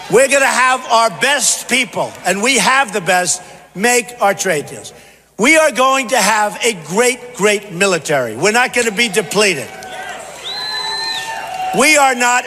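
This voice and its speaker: A man's voice: extremely high pitch, sharp tone. A man giving a campaign rally speech as a candidate, boastful and repetitive in punchy bursts. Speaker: political candidate. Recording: reverberant hall, faint background noise.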